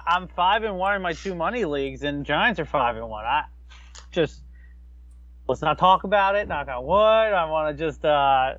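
Fairly high-voiced man, dull dry sound. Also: no echo. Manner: rambling, animated, jokey asides. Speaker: podcast co-host. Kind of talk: casual sports chat.

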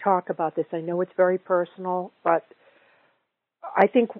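A woman interviewer speaks gently and encourages her guest. Her voice is husky. The sound is dry and tinny, as if it came over a phone line. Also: fairly low pitch, level tone, normal speed, no echo. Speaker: host.

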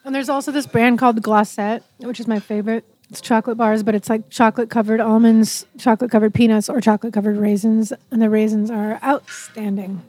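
Casting: slightly high-voiced woman from Canada, chatty and casual, filler-heavy. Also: level tone, fairly quick, few pauses, warm tone. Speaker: interviewee. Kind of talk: casual chat over a meal.

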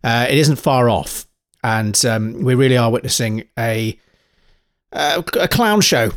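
A man hosting a call-in radio show in a steady mid-range voice. He talks in hesitant stops and starts, with plenty of ums. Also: medium pitch, unhurried. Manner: hesitant, with many ums and ahs. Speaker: radio host.

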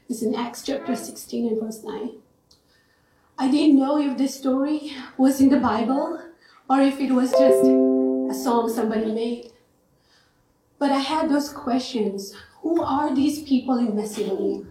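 In an echoey church hall, a woman from India speaks as a guest from the pulpit, offering an earnest testimony with touches of self-directed humor. Her Indian-accented voice is on the high side yet dark in tone, and a faint hiss or hum runs under the recording.

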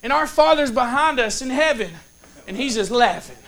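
High, bright-voiced man preaching. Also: animated, moderate pace. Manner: storytelling with call-and-response asides; casual, folksy phrasing. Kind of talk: sermon.

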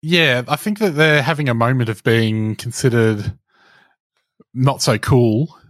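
A man's voice: medium pitch, a little slow, fairly bright tone, no echo. A man co-hosting a casual podcast chat, talking with wry, dry teasing. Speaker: podcast co-host.

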